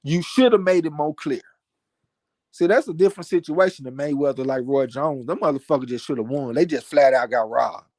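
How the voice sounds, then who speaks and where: Animated, cursing man on a live stream. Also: on the high side, fairly quick, no echo, studio quality. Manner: animated, profane, repeats words when worked up. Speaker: podcast co-host. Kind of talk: casual live-stream chat. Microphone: home mic on live stream, cutting out.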